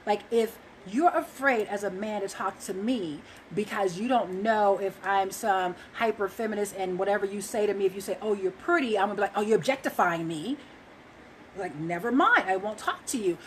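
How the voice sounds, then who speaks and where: A woman's voice: medium pitch, a little fast, few pauses, a little hiss or hum, low-quality recording. A woman talking earnestly to viewers about relationships, emphatic and loose, with frequent fillers. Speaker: relationship speaker. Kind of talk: casual monologue to viewers.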